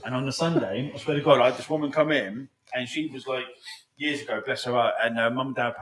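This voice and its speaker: A young man talks quickly in a loose, rambling podcast chat. He swears freely and keeps checking in with "do you know what I mean". His voice sits at a middling pitch. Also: fairly bright tone. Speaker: podcast host. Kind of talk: casual chat.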